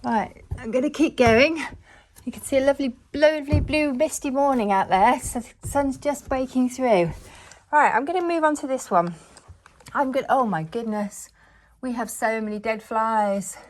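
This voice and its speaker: A woman's voice: high-pitched, normal speed, a little hiss or hum. A middle-aged woman filming herself cleaning her bedroom, chatting to viewers in a homely way and a little out of breath from the work. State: slightly out of breath from working. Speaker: cleaning vlogger. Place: bedroom at home, indoors.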